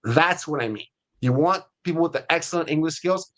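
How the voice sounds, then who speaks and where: A middle-aged man with a US Hispanic accent, hosting a webinar in a casual, energetic way with many fillers and restarts. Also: on the high side, brisk. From Latin America. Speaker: webinar host.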